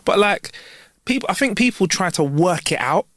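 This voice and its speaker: Man, podcast co-host, animated, very lively pitch, dry close mic. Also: moderate pace, no echo. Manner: animated storytelling, bursts of laughter. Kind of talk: casual podcast chat.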